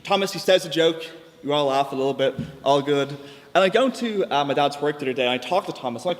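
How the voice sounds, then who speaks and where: A man's voice: fairly high pitch, expressive, quick pace. A young man giving a chatty, jokey floor speech in a student debating chamber. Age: young adult. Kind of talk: informal storytelling speech. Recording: long hall reverb, faint background noise.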